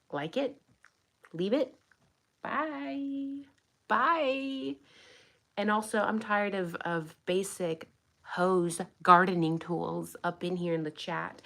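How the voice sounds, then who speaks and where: A young woman talking straight to her chat in a casual livestream. She is blunt and sarcastic, swears without a second thought, and her voice sits a little low. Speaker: true crime commentator.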